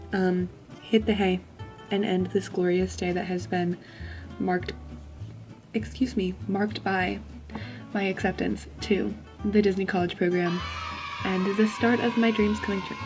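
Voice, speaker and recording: A woman's voice: medium pitch, darkish tone. A woman in her twenties chatting casually to camera in a vlog, full of "um" and "like" fillers. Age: 20s. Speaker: vlogger. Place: school during lunch break.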